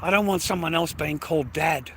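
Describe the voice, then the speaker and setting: A man's voice: fairly high pitch, fairly quick, noisy background. An Australian man ranting straight to his viewers in a casual vlog, swearing heavily, repeating himself and calling them mate and boys. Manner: profane, repetitive, addresses viewers as mates and boys. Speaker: vlogger.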